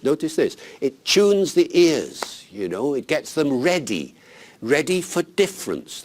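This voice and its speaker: An older man, a linguist, giving teachers unscripted advice in an animated, emphatic, conversational way. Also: mid-range voice. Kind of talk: unscripted explanatory talk.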